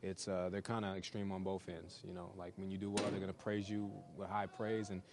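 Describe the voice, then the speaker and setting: A young male pro football player answering press questions in a relaxed way, full of "you know" fillers. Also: low voice, fairly quick, heavy background noise. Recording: crowd chatter behind.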